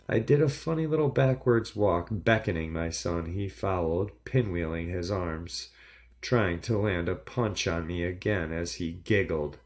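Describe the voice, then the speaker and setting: A man reading a first-person horror story aloud in a measured, dramatic storytelling delivery. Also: sits low. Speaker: narrator.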